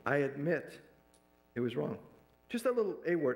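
A man preaching to his church, mid-pitched and ordinary in tone. He tells a story from the pulpit and slips into the voices of the people he quotes. The sound carries the echo of a large room. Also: very animated, brisk, gravelly, a little mellow. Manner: retells a counseling story, acting out quoted dialogue. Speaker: pastor. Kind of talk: sermon storytelling. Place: church sanctuary.

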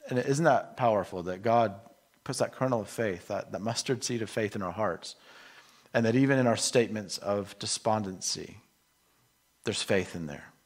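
A middle-aged man preaching a sermon in an earnest, emotional way, moving between soft and emphatic delivery. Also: fairly low pitch, moderate pace. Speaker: pastor.

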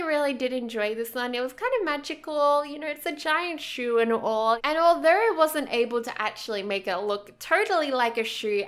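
A woman's voice: a little high, fairly bright tone. A young Australian woman chatting in a casual, bubbly, rambling way as a game YouTuber. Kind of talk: casual vlog commentary.

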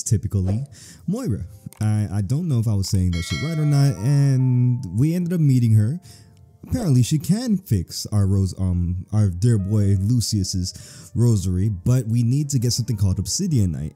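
A man's voice: mid-range voice, dark tone, breathy edge. A man giving casual, profane gameplay commentary as he plays, joking and reacting aloud as he reads the game's text. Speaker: let's play host.

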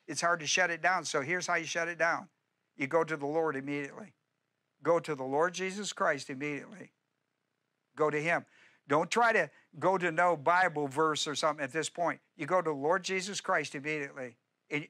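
A middle-aged man preaching with a bright, forceful voice that sits a little high. His delivery is emphatic and repetitive, and he keeps asking the congregation questions. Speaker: pastor. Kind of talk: sermon.

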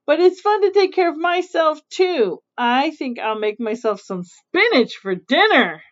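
Woman reading as a dutiful kid witch, childlike, lively, a bit muffled. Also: measured pace. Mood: cheerful. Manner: earnest, high and childlike. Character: tired, dutiful young girl witch.

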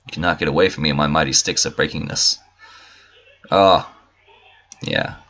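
Male gamer, very low voice with a bright edge, swears and jokes casually, slightly muffled recording. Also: normal speed, gravelly. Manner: profane, joking, talks to game characters. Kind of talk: casual let's play commentary.

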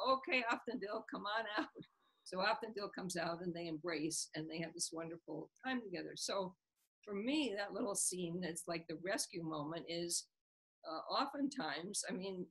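A woman's voice: lowish voice, husky, rough recording. A woman author being interviewed, retelling a scene from a book and acting out its characters' lines. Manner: animated storyteller, acts out the characters' lines with a laugh.

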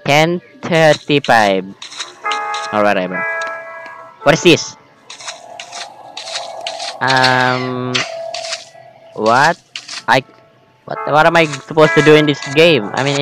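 A man giving jokey, excitable, self-mocking commentary while playing a horror game. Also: medium pitch, takes it slowly, long pauses. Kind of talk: casual gameplay commentary. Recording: loud game music behind.

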